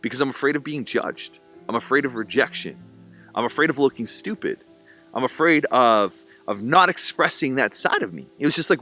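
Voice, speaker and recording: A man's voice: mid-range voice, animated, normal speed, pushed and bright, soft background music. A young man earnestly reflecting on being a single dad, in a spiritual self-help tone. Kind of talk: reflective personal vlog monologue.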